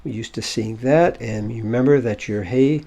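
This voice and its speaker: A man's voice: medium pitch, normal speed, gravelly, warm tone, lo-fi sound. A man teaching a short biblical Hebrew lesson, explaining a verse word by word and thinking aloud with fillers.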